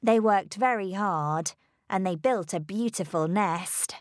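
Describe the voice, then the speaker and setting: A woman narrating a children's storybook with a slow, careful, expressive read-aloud delivery. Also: medium pitch, no room sound, studio quality.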